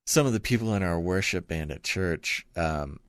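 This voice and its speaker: A man's voice: sits low, animated, moderate pace, fairly bright tone, no room sound, clean studio sound. A man hosting a casual podcast interview, encouraging his guest and asking follow-up questions. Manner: encouraging, laughs along, asks follow-up questions. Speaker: podcast host.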